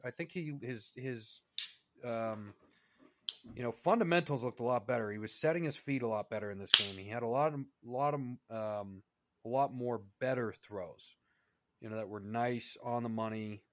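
A man's voice: mid-range voice, normal speed, sharp tone. A man co-hosting a sports podcast, talking in a frustrated, conversational way with many fillers. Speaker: podcast co-host. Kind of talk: casual sports chat.

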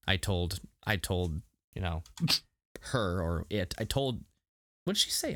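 Chatty low-voiced man reviewing a show. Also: moderate pace, no room sound, studio quality. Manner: animated, laughing, frequent restarts. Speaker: podcast co-host. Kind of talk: casual review chat.

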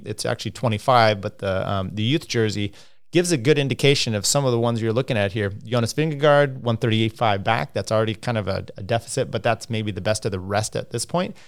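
A man's voice: on the low side, brisk, clean tone. A man hosting a casual cycling livestream, rambling with lots of fillers and restarts as he talks through standings and viewer comments.

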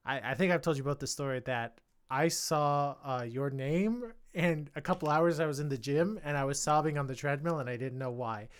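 A man hosting a film podcast, talking with open enthusiasm and breaking into loud excited outbursts. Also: fairly high pitch, moderate pace, hardly any pauses, clean tone. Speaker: podcast host. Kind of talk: casual film review chat.

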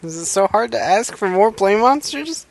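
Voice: medium pitch, lively intonation, moderate pace, gravelly. A co-host in a casual chat, playful and insistent.

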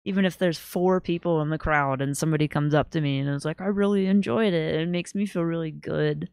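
A podcast co-host talks in a smooth, clear, mid-pitched voice. The talk is casual and laid-back and broken up by easy laughter. The recording is dry and close. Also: steady tone, a little fast, no room sound.

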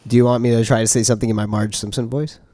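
A man co-hosting a podcast, laid-back and deadpan in casual banter. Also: mid-range voice, very fast. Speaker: podcast co-host.

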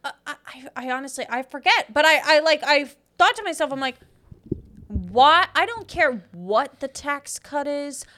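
A woman's voice: high-pitched, animated, normal speed, few pauses, sharp tone, slight background noise. A young adult woman co-hosting a podcast in casual chat, telling stories animatedly, swearing and jumping her voice up for emphasis. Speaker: podcast co-host.

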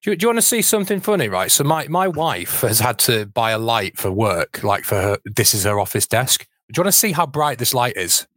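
A man's voice: mid-range voice, big pitch swings, fairly quick, few pauses, a bit bright, no room sound. A man from England co-hosting a casual football podcast over a video call, wry and joking, often stumbling over words. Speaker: podcast co-host.

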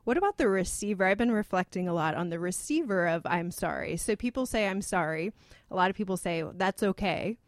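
A woman's voice: mid-range voice, animated, a little fast, dry recording, studio quality. A woman co-hosting a podcast, playful and inquisitive, who asks questions. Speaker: supervisor and co-host. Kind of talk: casual podcast chat.

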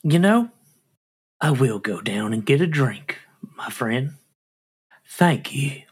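A tabletop player voicing a polite old man at a night club who speaks in a slow, formal, genteel way. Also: mid-range voice, expressive, slightly rough, exaggerated voice. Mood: gracious. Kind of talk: in-character role-play.

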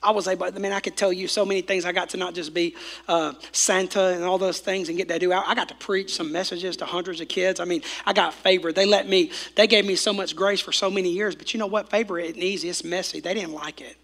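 A male pastor delivers an animated sermon, his high voice gravelly and worn from preaching. He swings from loud calls to hushed, near-whispered passages, and the tone stays bright and forceful. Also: quick pace.

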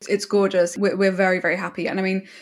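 A woman with an English accent, a guest chatting casually in an interview, full of fillers and quick laughs. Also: mid-range voice, level tone. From England.

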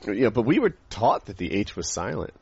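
A man with a general American accent chatting casually as a podcast co-host, excitable and quick to burst into surprise. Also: fairly low pitch, gravelly, slight background noise. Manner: excitable, jumps to loud surprise. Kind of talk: casual chat. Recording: dull lo-fi dry recording.

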